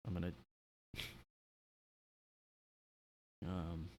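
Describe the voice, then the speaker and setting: A man's voice: deep voice, monotone, measured pace, mellow, slight background noise, rough recording. A man hosting a solo comedy podcast, talking in a tired, rambling, laid-back way. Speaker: podcast host.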